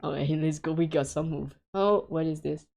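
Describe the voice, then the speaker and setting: A woman's voice: low-pitched, normal speed, gravelly, a little mellow. A woman streaming a co-op game with friends, chatting casually and hesitantly with lots of fillers and frequent giggles.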